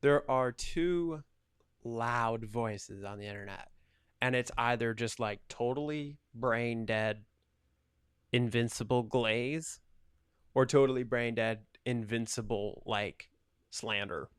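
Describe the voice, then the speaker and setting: A man's voice: medium pitch, takes it slowly, smooth, dry recording. A young man talks loosely over his gameplay, tossing off jokes and then launching into half-serious rants. His voice sits in a middle register and the recording is close and very dry, with no room sound. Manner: rambling, jokey, ranting asides. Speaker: gaming YouTuber. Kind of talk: casual gameplay commentary.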